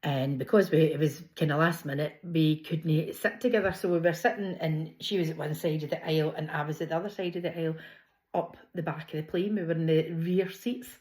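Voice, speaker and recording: A woman's voice: low voice, steady tone, fairly quick, a little mellow. A middle-aged woman with a Glasgow accent, chatting and telling stories with frequent laughter in a casual vlog. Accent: Scottish, Glasgow. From Scotland. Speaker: vlogger.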